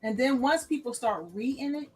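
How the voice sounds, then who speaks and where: Husky, animated woman guest. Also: sits high, normal speed, soft background music, poor audio. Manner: animated, acts out characters' voices. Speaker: guest, author. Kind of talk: casual chat.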